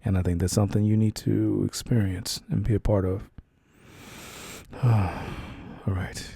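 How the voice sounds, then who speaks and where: A young man in a whispered role-play as a comforting boyfriend, talking softly and slowly with hesitant fillers and reassurance. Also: lowish voice, flat delivery, creaky, husky, no echo, clean studio sound.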